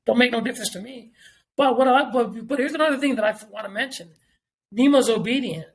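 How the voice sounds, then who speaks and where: Middle-aged male podcast guest, very high voice, rapid-fire blunt delivery full of cursing and repetition. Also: slightly rough. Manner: blunt and profane, repeats points for emphasis. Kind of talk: casual podcast talk.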